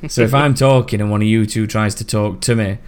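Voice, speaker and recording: A man's voice: on the low side, steady tone, fairly quick, a little mellow, clean tone. A man hosting a casual gaming podcast, chatty and jokey, recording at home. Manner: chatty, jokey, talks over others. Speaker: podcast host. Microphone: home recording setup, hears himself while talking.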